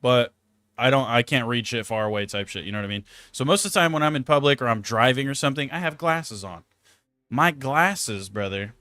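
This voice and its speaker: A man's voice: mid-range voice, brisk, no echo. A young man chats to his live-stream audience from a small home room, swearing freely and getting worked up as he tells a story. His voice sits mid-range and sounds dry and close on a desk mic. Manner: animated, swearing, exasperated storytelling. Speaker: game streamer. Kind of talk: casual live-stream chat.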